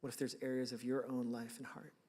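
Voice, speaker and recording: A man's voice: medium pitch, flat delivery, fast talker, warm tone. A male pastor delivers a sermon in a casual, storytelling manner. His voice sits in a middle range, and he acts out his own past reactions as he tells the story. The sound carries a long church-hall reverb. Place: church sanctuary.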